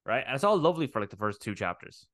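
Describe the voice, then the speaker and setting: A man co-hosting a podcast, chatting casually, animated, swearing freely and laughing often. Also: mid-range voice, very fast, no room sound, clean studio sound. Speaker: podcast co-host. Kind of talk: casual chat.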